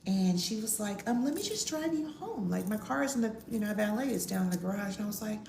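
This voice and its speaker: A middle-aged woman telling a personal story to her listeners in a loose, chatty way. Her pitch swings widely, and she jumps up high when she acts out what people said. She is recorded in an echoey room with a faint hum of ambience behind her. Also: quick pace, vocal fry. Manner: animated, acts out quotes in a high voice. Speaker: podcast co-host. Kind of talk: casual storytelling.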